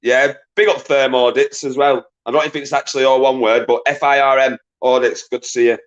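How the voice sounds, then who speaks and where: A man hosting a live-stream quiz, bantering with chat, giving quick shout-outs, swearing casually and laughing often. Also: medium pitch, little pitch movement, lo-fi sound. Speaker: livestream quiz host.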